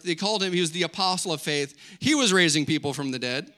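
A middle-aged man preaching a sermon as pastor, conversational and energetic, asking the congregation questions and joking with asides. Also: on the high side, fast talker, few pauses.

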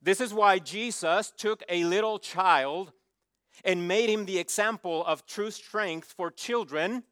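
A man's voice: high-pitched, a bit bright, no echo, studio quality. A man preaching a sermon with emphasis, posing questions for the listeners to answer. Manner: emphatic, asks the congregation to fill in words. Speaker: pastor.

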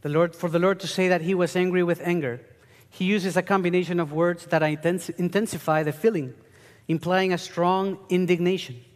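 A man's voice: sits high, steady tone, fairly quick. A man preaching a sermon, teaching earnestly and rising into emphatic bursts. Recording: long hall reverb.

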